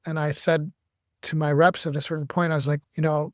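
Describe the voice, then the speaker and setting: A man, an actor and director, telling stories in a measured, reflective way as a podcast guest. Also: a little high, little pitch movement, dry recording, clean studio sound. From United States. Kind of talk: podcast interview.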